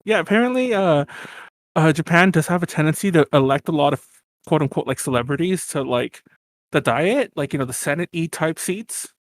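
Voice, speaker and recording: Rambling higher-pitched man on a podcast. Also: expressive, brisk, dry recording, clean studio sound. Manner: rambling, lots of fillers and restarts, laughs often. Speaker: podcast co-host. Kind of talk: casual chat.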